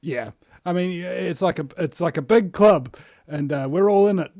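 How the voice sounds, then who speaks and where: A man's voice: sits high, moderate pace, darkish tone, no room sound, clean studio sound. A man hosting a live-stream interview, rambling with many filler sounds. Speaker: host.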